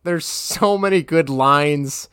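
A woman's voice: low-pitched, slow, a bit bright, clear, resonant tone, no room sound. Rambling woman chatting, dry close mic. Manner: rambling, quoting scenes, searching notes aloud. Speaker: podcast co-host. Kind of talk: casual chat about a movie.

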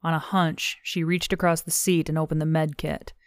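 A woman narrating an audiobook in measured, even storytelling, recorded on a close studio mic. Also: deep voice, no echo.

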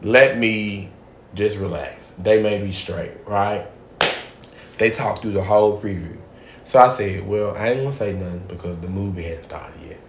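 A man hosting a casual podcast, telling a profane story with animated swings between loud bits and hushed asides. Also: lowish voice, moderate pace, a little hiss or hum. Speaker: podcast host. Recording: echoey room.

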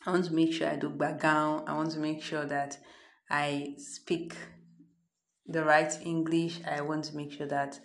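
A woman's voice: low-pitched, little pitch movement, measured pace. A Nigerian woman hosting her own podcast, talking in a chatty, freewheeling, unedited monologue from her parents' home. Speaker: podcast host.

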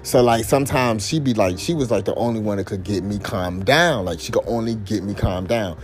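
A man's voice: fairly low pitch, a little fast, faint music behind. Profane, rambling young-sounding man. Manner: profane, rambling, lots of fillers. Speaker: podcast host. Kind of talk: casual commentary monologue.

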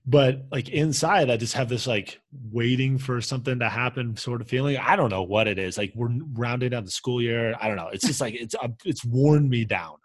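A man rambling easily through a history podcast, with plenty of likes and ums. His voice sits at an ordinary middle pitch and sounds close and dry, with no room around it. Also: moderate pace, few pauses, dry recording. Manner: relaxed, rambling with many fillers. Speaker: podcast co-host, teacher. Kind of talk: casual podcast chat.

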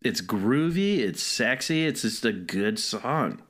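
A man's voice: fairly low pitch, big pitch swings, takes it slowly, a bit bright. A man co-hosting a music podcast, joking playfully in casual chat on a podcast mic. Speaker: podcast co-host. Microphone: podcast microphone.

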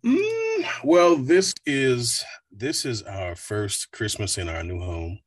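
A voice actor guest chats casually in an interview, a relaxed, rambling storyteller who uses plenty of fillers. His mid-range voice moves at a slow pace, recorded on a distant mic with no echo.

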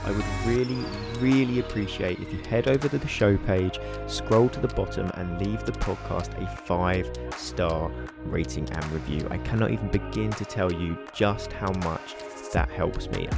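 Low, gravelly male podcast host. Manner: earnest, instructive, steady delivery. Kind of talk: solo podcast monologue.

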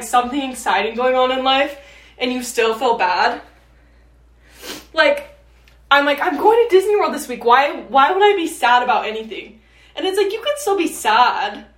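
A woman's voice: sits high, fairly bright tone. Chatty teenage girl in an echoey room. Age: late teens. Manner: chatty, meandering, frequent fillers. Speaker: podcast host. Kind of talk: casual rambling chat. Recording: echoey room, mic at a distance.

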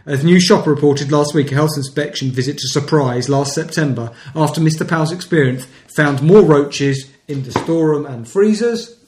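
A man's voice: fairly high pitch, moderate pace, a little mellow, slight background noise. Laughing man reading news, echoey room. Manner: reads news stories aloud, laughing often. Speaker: podcast co-host. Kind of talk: casual comedic news chat. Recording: roomy echo.

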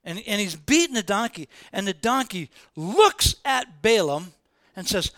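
A man preaching a sermon as informal, animated storytelling, repeating phrases for emphasis. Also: very high-pitched, unhurried, no echo. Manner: animated, repetitive, colloquial storytelling.

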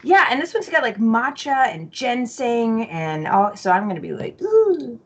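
Lively American woman guest, faint noise. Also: a little high, normal speed. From United States. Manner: playful, giggly. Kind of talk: casual chat.

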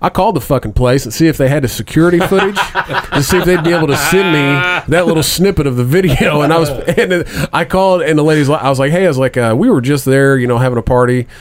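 A man's voice: on the high side, quick pace, hardly any pauses. A man in his thirties telling a rambling, profane story in casual chat, laughing often. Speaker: podcast co-host.

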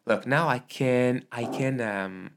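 French guy hosting a podcast in english, hesitant, hunts for words, mid pitch. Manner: hesitant, halting, searching for words. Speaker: podcast host, comedian. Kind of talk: casual conversation in a second language.

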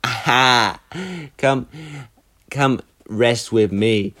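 A man parodying a smarmy, sleepless young charmer, crooning slowly with chuckles. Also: mid-range voice, fairly bright tone, no echo. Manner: slow, drawn-out crooning with chuckles.

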